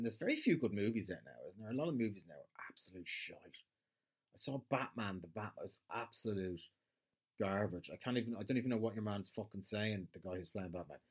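A man's voice: on the low side, a little mellow. A man with an Irish accent in a casual, rambling monologue, swearing freely and trailing off as he hunts for words. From Ireland.

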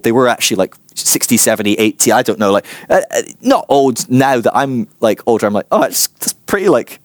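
A man giving a personal testimony talk, telling his story with animated, self-mocking humor. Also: medium pitch, dry recording. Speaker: Christian teacher.

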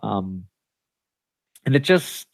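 A man's voice: on the low side, very animated, extremely slow, vocal fry, husky, dry recording. A man co-hosting a podcast, talking in a casual, rambling way with many fillers and restarts. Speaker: podcast co-host. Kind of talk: casual chat.

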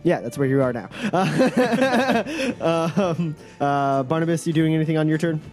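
Halting man narrating a tabletop game. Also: fairly high pitch, animated, a little mellow, faint music behind. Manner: halting, filler-heavy narration. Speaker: game master.

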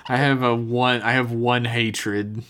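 Regular-pitched podcast dude, laid back, swears a lot, reads out emails. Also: male voice, flat delivery, slow, fairly bright tone, slight background noise. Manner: loose, profane, reads listener emails aloud. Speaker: podcast co-host. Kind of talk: casual chat.

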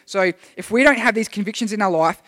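A young man delivers a chatty, rambling sermon, restarting his sentences as he goes. His voice sits high for a man. It rings out in a church hall with a long reverb. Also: quick pace, pushed and bright. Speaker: youth preacher. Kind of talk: casual sermon.

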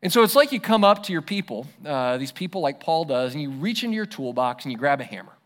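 A man's voice: fairly high pitch, very animated, fast, a bit bright. A man preaching a sermon as pastor, conversational and emphatic. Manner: conversational, emphatic, self-deprecating.

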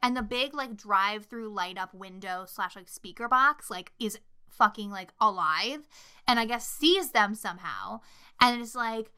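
A woman's voice: medium pitch, measured pace, clean tone. A woman co-hosting a casual podcast chat about movies, swearing freely and acting out the lines she quotes. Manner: swears a lot, animated retelling with quoted lines. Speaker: podcast co-host.

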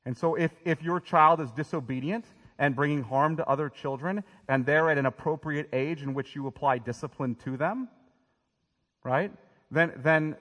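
A man's voice: medium pitch, a bit bright, big-room sound. A man preaching a sermon as pastor, talking in a direct, emphatic way and often restarting his words. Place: church sanctuary.

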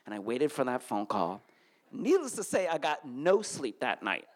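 Animated male storyteller from Connecticut. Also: moderate pace. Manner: animated, voice jumps high when flustered. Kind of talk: live comic storytelling.

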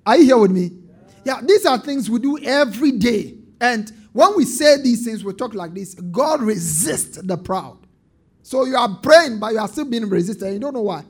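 A pastor with a very high-pitched, animated voice and a breathy edge preaches at normal speed. He calls on the congregation to respond, building toward emphatic bursts.

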